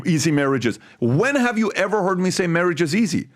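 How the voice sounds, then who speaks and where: Guy hosting a panel chat, pitch all over the place, punchy and emphatic, fairly high voice. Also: brisk. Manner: emphatic, animated storyteller who quizzes the panel. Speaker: host. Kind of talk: casual panel discussion.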